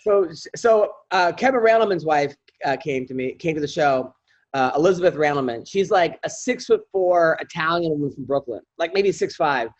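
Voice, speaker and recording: A man on a podcast telling profane, animated stories in a casual chat. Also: fairly high pitch, moderate pace. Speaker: podcast guest comedian. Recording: dull lo-fi audio.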